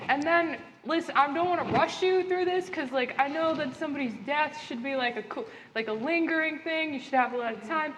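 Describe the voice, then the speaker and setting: A woman putting on a breezy, rambling male ghost who acts like an upbeat office liaison. His voice sits fairly high, and he chatters on in a stream of casual filler. It is heard live from a stage, with a long echo and faint hall noise behind it. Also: brisk, hardly any pauses, fairly bright tone. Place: live stage at a gaming convention.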